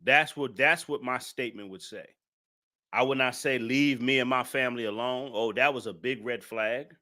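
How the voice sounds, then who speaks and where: During a live-stream commentary, a man speaks at medium pitch and normal speed in a bright, forceful voice. He's emphatic, hammering his points repeatedly and firing off indignant rhetorical questions.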